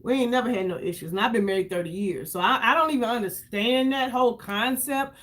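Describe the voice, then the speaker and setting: A woman's voice: a little high, fast talker, fairly bright tone. A woman in her fifties chatting casually on a livestream while doing her makeup, effusive and greeting viewers by name. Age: 50s.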